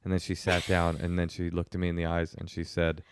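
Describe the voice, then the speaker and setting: A man co-hosting a podcast from home, chatting casually with wry, deadpan storytelling. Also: low voice, a little fast, slight background noise. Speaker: podcast co-host. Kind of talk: casual chat. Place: home studio.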